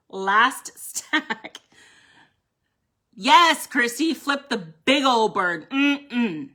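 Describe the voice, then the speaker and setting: A woman's voice: on the high side, expressive, drawn-out words, pushed and bright. Blunt, foul-mouthed woman reading tarot live. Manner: blunt, profane, emphatic; chatty, addresses viewers by name. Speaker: tarot card reader.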